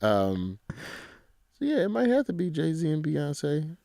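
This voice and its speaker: A man's voice: fairly high pitch, wildly swooping pitch, slow pace, creaky, warm tone, no room sound, studio quality. A man who is a comedian, talking loosely and jokingly in slangy, storytelling bursts on a podcast. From American South. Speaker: comedian guest. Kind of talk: casual podcast conversation.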